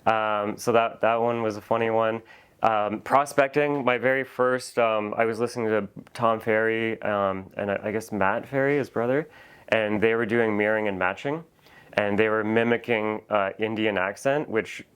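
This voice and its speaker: A man's voice: on the low side, moderate pace, a bit bright, clean tone. A man, a real estate coach, telling rambling, self-deprecating stories as a podcast guest. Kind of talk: casual storytelling interview.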